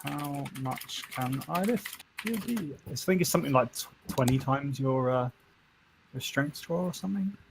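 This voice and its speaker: A man's voice: on the high side, lively intonation, moderate pace, creaky, noisy background. A man running a tabletop game as game master, chatty, laughing often and thinking aloud.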